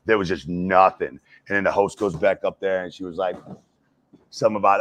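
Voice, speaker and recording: Deep-voiced, profane storytelling man. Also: level tone, brisk, fairly bright tone. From United States. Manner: profane storyteller, lots of fillers. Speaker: wrestler and stand-up comic guest. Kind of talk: casual uncensored interview.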